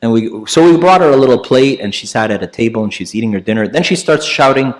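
A priest telling a story in a sermon. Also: male voice, lively intonation, fast, few pauses. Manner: conversational, many fillers and restarts; acts out quoted voices louder and higher.

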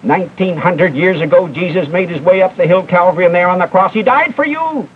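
A man's voice: sits high, brisk. A young man preaching a televised sermon with fervent, emphatic delivery, rising and falling as he drives each point home. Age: young adult. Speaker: evangelist preacher. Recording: tinny old broadcast recording with faint hiss.

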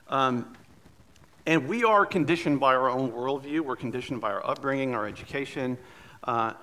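A man's voice: mid-range voice, a bit bright. Pastor guy giving a sermon, chatty storyteller, voice goes up and down a lot. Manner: conversational storytelling with light humor.

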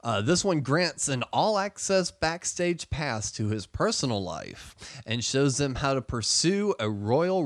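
A man from South Carolina with a Southern accent, hosting a casual podcast chat in an animated, profane, joking way. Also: medium pitch, measured pace, few pauses, dry recording, clean studio sound. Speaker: podcast host.

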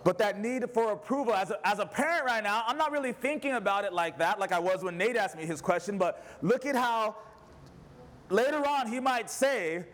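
A man with a high voice preaching to his congregation. He tells stories in an animated, conversational way and often turns to the listeners with a quick question. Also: slight background noise. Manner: animated, conversational, asks the audience "right?". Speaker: pastor. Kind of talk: sermon with personal storytelling.

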